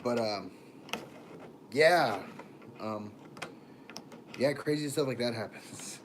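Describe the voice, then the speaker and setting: Speaking slowly at medium pitch amid background noise, a man rambles through casual livestream chat on a phone camera, laughing often and trailing off mid-thought.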